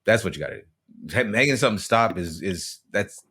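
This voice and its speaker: A man's voice: on the low side, animated, fairly quick, sharp tone, slightly rough. A man co-hosting a podcast, earnestly laying out news and opinions in casual chat. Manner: earnest, explains news and gives opinions, frequent restarts. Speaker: podcast co-host.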